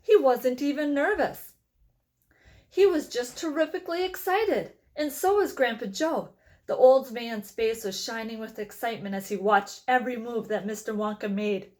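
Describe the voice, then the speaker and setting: High-voiced woman reading a storybook. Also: moderate pace. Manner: expressive storytelling. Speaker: reader. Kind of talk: reading a children's novel aloud.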